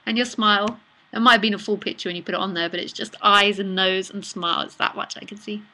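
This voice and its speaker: A woman hosting a casual live-streamed talk, reading out viewers' messages and answering them in a relaxed, chatty way with soft murmured asides. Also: mid-range voice, quick pace. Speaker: nonduality speaker answering live chat questions.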